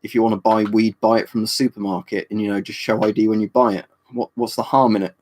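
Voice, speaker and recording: A man's voice: on the low side, little pitch movement, fast talker, darkish tone. A man from the UK, hosting a livestream and answering viewers' questions in a rambling, casual way, full of fillers and tag questions. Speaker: livestream host answering chat. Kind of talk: casual live chat.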